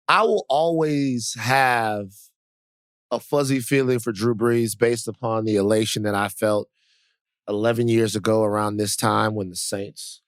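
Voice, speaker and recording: A man's voice: on the low side, no echo, clean studio sound. Rambling male podcast co-host. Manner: rambling, many restarts and "you know"s. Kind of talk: casual podcast chat.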